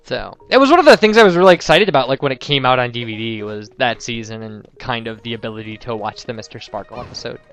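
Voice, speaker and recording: A man's voice: medium pitch, lively intonation, fast, hardly any pauses, fairly bright tone, dull audio, soft background music. A young man from the United States casually commentating gameplay and rambling through personal stories. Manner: rambling, chatty storyteller. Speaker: let's play commentator.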